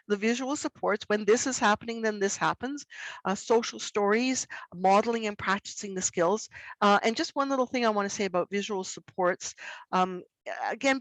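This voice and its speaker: A middle-aged woman presenting a workshop for educators in an expressive way, acting out examples in her voice. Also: medium pitch, no echo, rough recording. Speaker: workshop presenter on student behaviour. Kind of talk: educational webinar talk.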